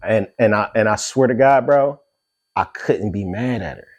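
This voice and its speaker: A man's voice: fairly low pitch, moderate pace, lo-fi sound, slight background noise. A middle-aged man hosting a casual podcast chat, telling stories freely with plenty of swearing. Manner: animated storytelling, swears freely. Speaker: podcast host.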